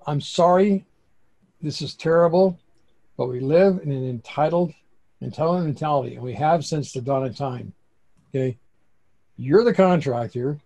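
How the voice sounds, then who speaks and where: Gravelly, husky-voiced storytelling man. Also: fairly high pitch, moderate pace, long pauses. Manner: excitable, dramatic storyteller with bursts of emphasis. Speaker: construction accounting guest expert. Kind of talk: animated storytelling interview.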